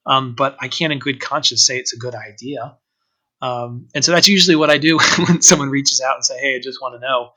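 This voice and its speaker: The guest, an organic winery owner, discusses running his organic vineyard in a casual interview, stumbling through many ums, fillers and restarts. He speaks briskly in a medium-pitched, sharp-toned voice, and the recording is rough.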